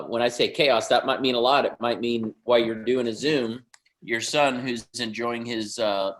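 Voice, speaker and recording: A man in his thirties hosting a video call, giving an upbeat, joking sales pitch. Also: roomy sound.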